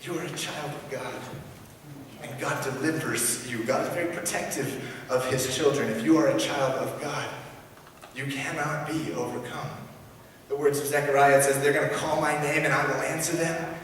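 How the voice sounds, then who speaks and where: A man preaching a sermon as pastor, earnest, swinging from loud emphatic lines to hushed ones. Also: mid-range voice, fairly even intonation, moderate pace, slight background noise. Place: large church sanctuary. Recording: echoey church hall from far off.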